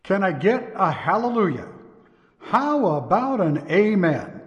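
A male radio contributor speaking slowly with playful preacher-like calls. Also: high voice, sing-song, long reverb tail, highs cut off.

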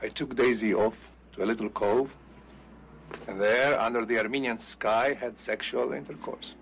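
A man's voice: medium pitch, fairly even intonation, moderate pace, creaky, slight background noise, natural voice. An actor playing a lovesick male mountain shepherd in a comic film, talking earnestly and confessionally.

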